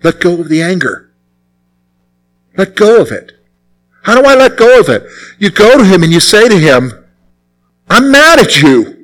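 Pastor delivering a sermon, a man with a high voice who exhorts through repetition. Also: very animated, normal speed, pauses often.

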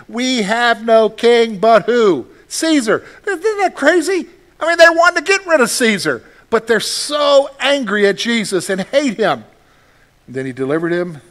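A man preaching a radio sermon, animated, acting out quoted voices and dropping suddenly soft. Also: sits high. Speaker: pastor.

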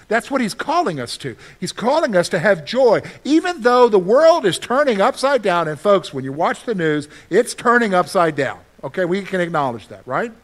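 A middle-aged man preaching a sermon as pastor, lively and conversational, asking his listeners questions and answering them himself. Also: sits high, moderate pace, hardly any pauses. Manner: animated, asks the congregation questions and answers them; acts out his own panicked reactions for humor.

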